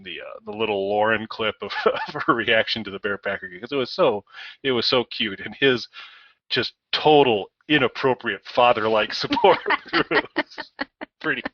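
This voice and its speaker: Low-voiced man rambling through a story. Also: lively intonation, moderate pace, dry recording. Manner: rambling anecdotes with frequent fillers and chuckles. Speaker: podcast co-host. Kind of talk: casual chat. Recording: dull lo-fi, slightly distant mic.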